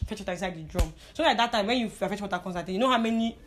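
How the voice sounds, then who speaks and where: A woman's voice: medium pitch, racing, noisy background. A young Nigerian woman telling stories in a casual chat. She mixes in pidgin and laughs often. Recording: crowd chatter in the background.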